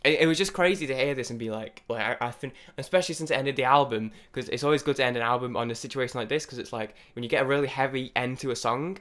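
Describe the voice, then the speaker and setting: Off the cuff and barely pausing, a young man reviewing music gushes rambling first reactions to an album, with frequent restarts and some cursing. His pitch is medium and his delivery fast.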